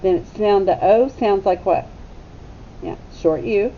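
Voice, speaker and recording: A woman teacher giving a phonics lesson to young children, sounding out letters slowly and deliberately. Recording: slightly dull recording with faint rumble.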